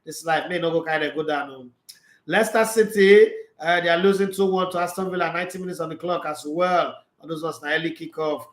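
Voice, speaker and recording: A man's voice: on the high side, fairly even intonation, brisk, roomy sound. A man with a Nigerian Pidgin English accent, hosting a loose football chat, laughing often and switching between Pidgin and English. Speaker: sports channel host. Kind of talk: live football commentary chat.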